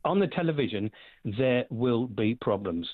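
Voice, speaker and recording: A man calling in to a radio phone-in, indignant and halting, with fillers as he speaks. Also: medium pitch, animated, no echo. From England. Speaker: caller. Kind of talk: phone-in call. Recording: dry tinny phone line.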